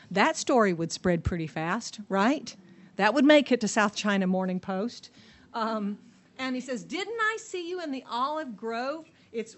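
A woman teaching a Bible passage to a group, telling the story in a lively way and asking her listeners questions. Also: fairly high pitch. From United States.

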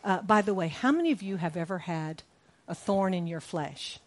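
A woman's voice: lowish voice, lively intonation, moderate pace. Emphatic woman pastor preaching. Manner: emphatic, repeats key lines, questions the congregation. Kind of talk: sermon. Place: church sanctuary.

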